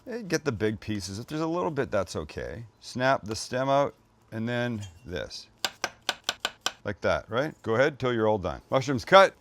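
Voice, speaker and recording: A man running a home cooking demonstration in a loose, joking way, tossing in offhand asides as he works. His voice sits at an ordinary middle pitch, with a faint hiss of noise behind it. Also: a bit bright. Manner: jokey and chatty, full of offhand asides. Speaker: cooking show host.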